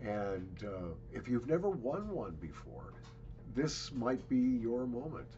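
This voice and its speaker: A man's voice: medium pitch, very animated, takes it slowly, mellow, dull audio, a little hiss or hum. A middle-aged man hosting his own channel from his basement, announcing a giveaway in a chatty, wry way with emphatic asides. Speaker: channel host. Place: home basement.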